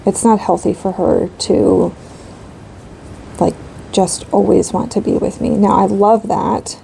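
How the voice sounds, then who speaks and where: A woman's voice: mid-range voice, fairly even intonation, slow pace, gravelly, warm tone, a little hiss or hum, low-quality recording. A woman in her thirties chatting casually while she colors, rambling with frequent ums and likes. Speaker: craft channel host.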